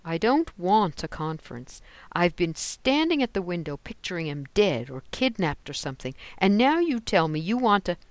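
Anxious middle-aged mother read by the narrator, pressing and worried, audiobook, raised pitch, dry close sound. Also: sing-song, fairly quick, few pauses, clean tone, no room sound, close to an everyday voice. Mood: upset.

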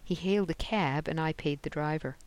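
A reader voicing Cal, a smooth tutor. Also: mid-range voice, fairly quick, no room sound, natural voice. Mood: calm. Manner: smooth, soothing, self-assured. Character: calm persuasive male tutor.

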